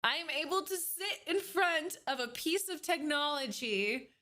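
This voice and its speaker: High-voiced excited woman streamer. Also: measured pace. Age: 30s. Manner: enthusiastic and animated, swears casually. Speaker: livestreamer. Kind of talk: casual livestream chat. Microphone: desk microphone.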